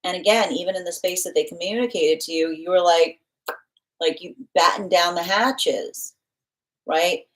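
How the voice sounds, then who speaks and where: During a live tarot reading, a woman with a lowish, slightly bright voice speaks at normal speed. Her talk runs on loosely, full of fillers and restarts, and she acts out what other people might say.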